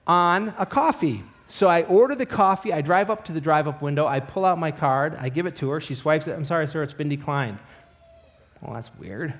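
A middle-aged man preaching a sermon, telling a comic personal story with animated asides before turning to scripture. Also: on the high side. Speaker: pastor.

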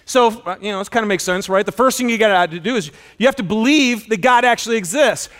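Male pastor, high voice, animated sermon storyteller who shouts out quoted lines. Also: quick pace. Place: auditorium.

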